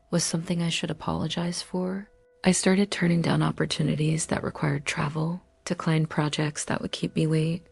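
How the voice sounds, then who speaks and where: A woman telling a personal story in a quiet, subdued first-person confessional narration. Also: low-pitched, vocal fry, no echo.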